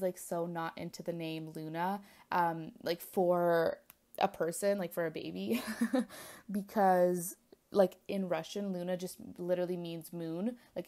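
A woman's voice: on the low side, dark tone. A young woman vlogger answering questions in casual chat, rambling with lots of fillers and small giggles. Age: young adult. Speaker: planner vlogger.

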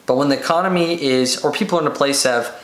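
A man hosting a business podcast, talking energetically on his own and rattling off quick lists. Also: on the high side. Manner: energetic, rapid lists, acts out excited buyers. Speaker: podcast host. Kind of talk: solo business podcast talk. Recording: roomy echo.

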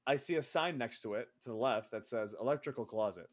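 A man's voice: mid-range voice, fast talker. A man co-hosting a podcast, telling a profane, self-mocking story in a casual way. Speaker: co-host of a wrestling podcast.

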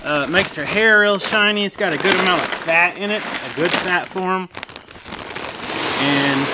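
High-voiced man in a noisy farmyard. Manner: easygoing, chatty, calls to animals. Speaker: farm channel host. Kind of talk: casual farm vlog talking to viewers. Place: farm shop and goat pen, partly outdoors. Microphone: camera set down nearby, he moves around it. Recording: noisy farmyard with animals in the background.

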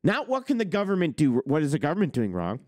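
Swearing, animated man in his forties. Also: a little high, quick pace, no echo, studio quality. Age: 40s. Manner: blunt, boastful, swears constantly. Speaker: host. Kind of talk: heated profane rant.

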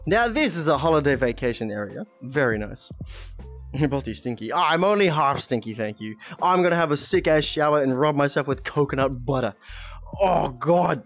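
Giggly young man streaming, lively voice. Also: a little high. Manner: giggly, laughs often, swears casually, reads chat aloud. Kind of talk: casual live-stream chat while playing. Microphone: VR headset mic.

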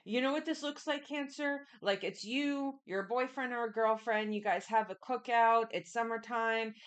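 A woman's voice: fairly high pitch, moderate pace, smooth. A woman giving a casual tarot reading, chatty and repetitive, speaking straight to the listener. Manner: chatty, repetitive, keeps addressing the listener directly. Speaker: tarot reader.

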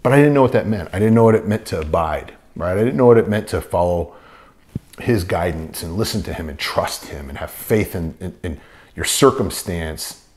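A man tells his conversion story in an earnest, meandering way, circling back and restarting his sentences as he goes. His voice sits a little low for a man, unhurried and plain. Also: expressive, darkish tone. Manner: earnest, rambling storytelling with many fillers and restarts. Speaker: testimony speaker. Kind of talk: personal faith testimony.

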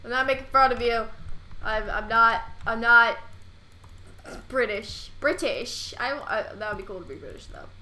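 A girl in her teens chatting and rambling through a Minecraft let's play, breaking into loud excited bursts. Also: fairly high pitch, normal speed. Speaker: gaming YouTuber. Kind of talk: casual let's play commentary.

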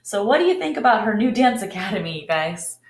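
Woman teacher, storybook read-aloud, talks to the kids, animated pitch, echoey room. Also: a little fast, slight background noise. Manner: lively, engaging, addresses children directly. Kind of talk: reading a picture book aloud to a class. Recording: roomy echo.

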